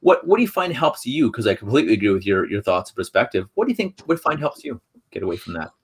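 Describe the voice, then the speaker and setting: A man's voice: lowish voice, sing-song, slightly rough. A male host in a casual interview, asking questions and readily agreeing with his guest. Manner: affirming, quick interjections.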